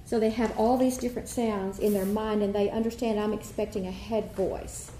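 A woman's voice: mid-range voice, steady tone, normal speed, hardly any pauses, slight background noise. Woman choir teacher in an echoey room. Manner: demonstrates warm-ups, sings vowels. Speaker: children's choir director. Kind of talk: teacher workshop demonstration. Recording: echoey room with faint ambience.

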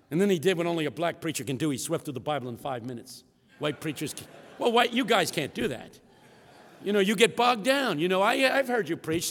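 A man preaching a sermon with call-and-response rhythm, swinging from shouts to hushed tones in a large hall. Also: on the high side, expressive, fairly quick, gravelly. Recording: echoey hall reverb.

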